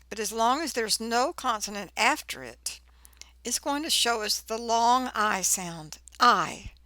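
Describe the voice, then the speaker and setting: Woman, reading teacher, slow careful pace, bright clear tone, dry close sound. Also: on the high side, no echo. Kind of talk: phonics lesson narration.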